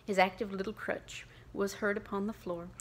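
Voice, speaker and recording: A woman reads a classic novel aloud in full, measured and expressive. Her voice sits at an ordinary middle pitch for a woman. The pacing suits long-form audiobook narration. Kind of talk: unabridged novel reading.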